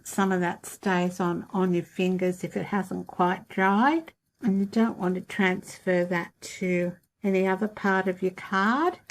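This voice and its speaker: Unhurried woman demonstrating a craft. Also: medium pitch, a little hiss or hum. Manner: calm, practical, talks through each step. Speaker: craft tutorial host.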